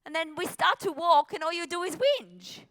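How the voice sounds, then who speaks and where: A woman's voice: very high-pitched, animated, normal speed, pushed and bright, no room sound, voice pushed up, full character voice. Woman doing a cheerful male porter. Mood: exasperated. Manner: broken English, emphatic.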